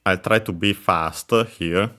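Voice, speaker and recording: A man's voice: low voice, steady tone, a little slow, background noise. A man teaching Japanese while playing a video game, hesitant and full of filler words and self-corrections. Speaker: Japanese language teacher streaming gameplay.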